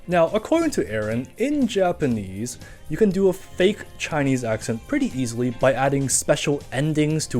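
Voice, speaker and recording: A man's voice: a little high, a little mellow. A man reading a scripted commentary in a casual, chatty way, full of asides. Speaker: video essayist.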